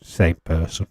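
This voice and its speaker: A man's voice: a little mellow, no echo. A man hosting a live watch-along stream, chatting casually, answering viewer questions with frequent laughs and the odd swear.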